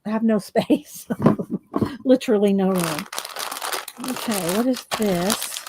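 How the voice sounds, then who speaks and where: A woman's voice: mid-range voice, unhurried, noisy background. A woman chatting casually on a livestream, short of breath and exclaiming as she reads viewer comments. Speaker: livestream host.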